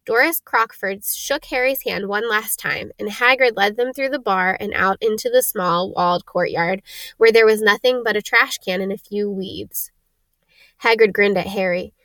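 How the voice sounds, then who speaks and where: A woman reading a children's novel aloud in a steady, even narration. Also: mid-range voice, moderate pace, no echo. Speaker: reader. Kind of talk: storybook narration.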